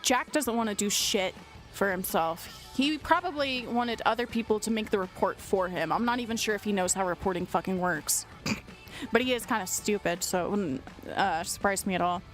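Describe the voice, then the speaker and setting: A woman's voice: mid-range voice, moderate pace, soft background music. A congested young woman streamer who reads a document aloud in casual commentary, blunt, profane and sarcastic.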